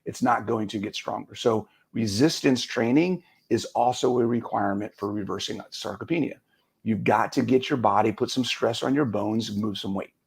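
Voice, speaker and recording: A man's voice: lowish voice, normal speed, creaky, husky. A man, a guest fitness expert, explains things step by step in casual live-stream chat. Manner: explanatory, loses track, then lays it out step by step.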